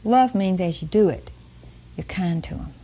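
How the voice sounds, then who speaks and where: A woman's voice: fairly low pitch, expressive, moderate pace, mellow, slightly rough. An older woman giving a chatty Bible teaching on parenting, often laughing and putting questions to her listeners. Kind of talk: folksy Bible teaching talk.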